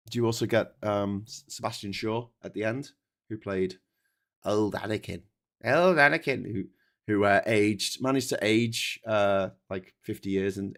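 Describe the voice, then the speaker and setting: Rambling, sweary man. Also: on the low side. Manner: rambling and sweary, frequent "right?". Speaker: host. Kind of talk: casual livestream chat.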